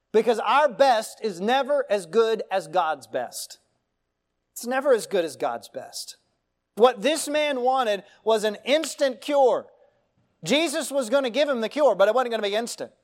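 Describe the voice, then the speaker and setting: Earnest high-voiced preaching man. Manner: earnest, emphatic preaching with rhetorical questions. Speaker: pastor. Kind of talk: sermon.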